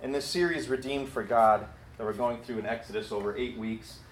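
A man's voice: mid-range voice, fairly quick, reverberant, slight background noise. A man preaching a sermon in a casual, storytelling and self-deprecating way. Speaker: pastor. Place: church building.

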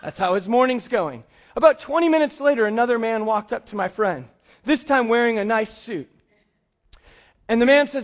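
A male pastor preaching a sermon and telling a story with lively acted-out dialogue. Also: extremely high pitch, normal speed, dull audio. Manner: animated storyteller, acts out dialogue.

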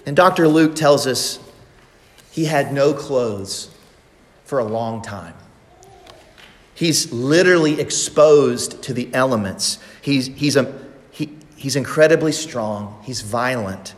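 In a church, a pastor preaches a sermon, emphatic and repeating phrases for effect. His voice is mid-range and slow, carried by the long reverb of a large hall.

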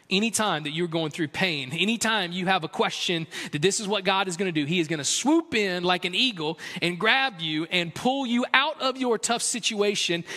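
A man preaching a sermon in a casual, conversational way, sometimes building into lively, excited storytelling. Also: sits high, big-room sound. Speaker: pastor.

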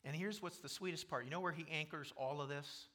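Pastor guy preaching, bright higher voice, gets loud and pushy in bursts. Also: brisk. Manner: emphatic preaching with sudden loud rising passages; quotes scripture aloud. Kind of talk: sermon.

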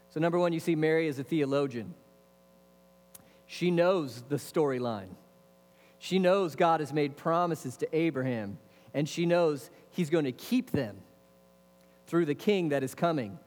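Male pastor, fairly high voice, lively sermon full of questions and asides, long church reverb. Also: moderate pace. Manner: lively preaching with rhetorical questions and casual asides. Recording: long reverb of a large hall.

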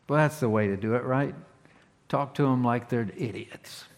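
A man's voice: mid-range voice, moderate pace. Folksy preacher man in a reverberant hall. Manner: folksy, plainspoken, restarts often, animated emphasis. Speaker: pastor. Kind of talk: conversational sermon.

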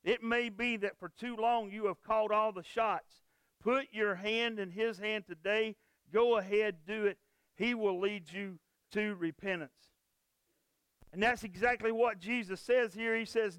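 A man's voice: high-pitched, fairly even intonation, measured pace, a bit bright, smooth, dry recording. A man pastor preaching a sermon and leading a closing prayer, in an emphatic style that repeats his key phrases. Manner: emphatic, repetitive preaching cadence.

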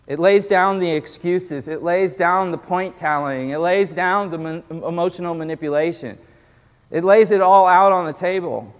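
A man's voice: sits high, moderate pace, big-room sound. A male pastor preaching a sermon in a casual, conversational way, often repeating words as he builds his points.

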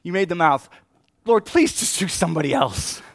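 A man's voice: high-pitched, big pitch swings, moderate pace, no room sound, clean studio sound. A man voicing Moses as a reluctant prophet who keeps making excuses in a raised, pleading voice. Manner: whiny, protesting excuses.

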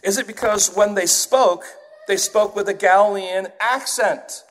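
High-voiced English-raised male preacher. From England. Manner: animated, puts on accents to illustrate points. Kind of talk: sermon.

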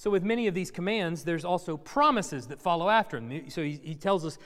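A man's voice: sits high, animated, brisk, fairly bright tone. A man preaching a sermon to a congregation, conversational with dry sarcastic humor. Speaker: pastor. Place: church sanctuary. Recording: long reverb of a church hall.

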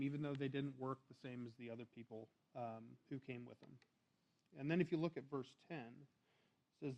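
Male preacher, easygoing conversational sermon, middle pitch, a bit lo-fi. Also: darkish tone. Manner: conversational, restarts and fillers, reads scripture aloud.

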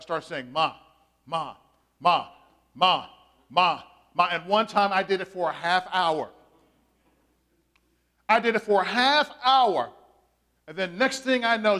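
A man preaching a sermon in a strikingly high voice. He stretches out his key phrases for emphasis and fills his pauses with "uh." He speaks as a pastor working through a passage with his congregation. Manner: animated preaching, drawn-out emphatic phrases, frequent "uh" fillers.

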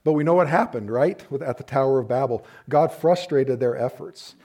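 A man's voice: mid-range voice, moderate pace, warm tone. A man, a pastor, preaching a sermon in a conversational way with playful asides. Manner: conversational, uses playful asides and acted-out quotes.

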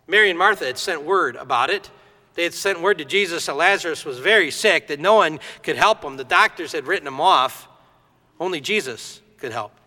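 Male pastor, high bright voice, animated storyteller, long church reverb. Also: brisk. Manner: lively storytelling, acts out quoted voices. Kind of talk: sermon.

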